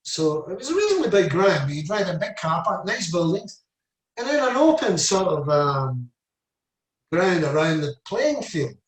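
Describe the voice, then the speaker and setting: A man's voice: high-pitched, big pitch swings, moderate pace. Older Scottish man, roomy distant sound. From Scotland. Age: 70s. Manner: rambling anecdotes, lots of "I said" and "you know". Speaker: interview guest, former footballer. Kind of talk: casual storytelling. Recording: echoey room, mic at a distance.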